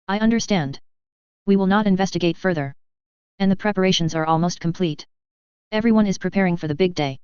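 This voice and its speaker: A woman's voice: fairly low pitch, a little fast, a little mellow, smooth, no echo, natural voice. A woman reading the lines of a large, horned, furry male creature who reports deferentially to his lord, on slightly dull lo-fi audio.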